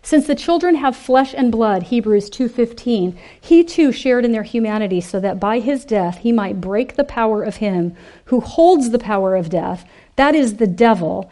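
A woman giving an animated, emphatic sermon to a women's gathering, acting out the quoted voices. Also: medium pitch. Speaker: speaker at a women's ministry event.

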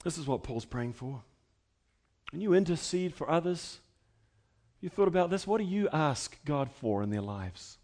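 A middle-aged man preaches a sermon in a fairly high voice. He swings between ringing, emphatic declarations and low, conversational asides, often repeating words as he restarts a thought. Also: lively intonation, normal speed, pauses often. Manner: impassioned preaching, rising to emphatic declarations then dropping to quiet asides. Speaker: pastor.

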